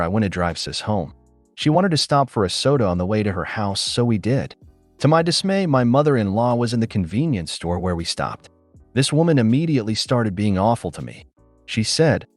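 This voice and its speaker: Lively low-voiced male story narrator. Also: no echo. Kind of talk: scripted narration of online posts. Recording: dry voice-over with faint music.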